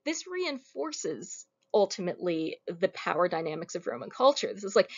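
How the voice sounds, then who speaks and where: A woman's voice: mid-range voice, big pitch swings, moderate pace, gravelly, hardly any pauses. Wry woman lecturing, muffled recording. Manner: casual, wry and conversational. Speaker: lecturer on Roman comedy.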